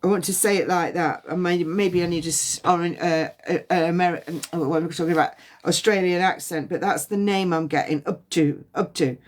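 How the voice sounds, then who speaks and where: A woman giving a past-life psychic reading on a phone livestream, halting and repeating words as impressions come to her. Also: fairly low pitch, fairly even intonation. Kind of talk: livestream reading and guided release.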